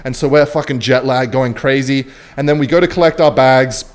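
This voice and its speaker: A young man from Western Australia telling a rambling, swear-filled story while playing a game, muttering quietly about his moves. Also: mid-range voice, a little fast. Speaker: gaming streamer.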